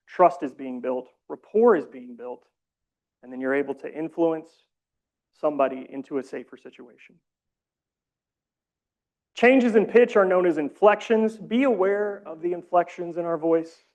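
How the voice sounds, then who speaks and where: A man leading a community training session, explaining calmly with casual, self-deprecating asides. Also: a little high, lo-fi sound. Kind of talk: training presentation.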